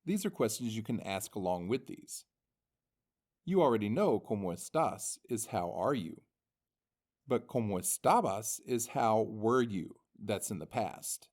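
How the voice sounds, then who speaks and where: Slow, lively-voiced male teacher. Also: lowish voice. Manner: slow and deliberate, reading words and their meanings. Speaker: language teacher. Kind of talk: scripted instructional narration.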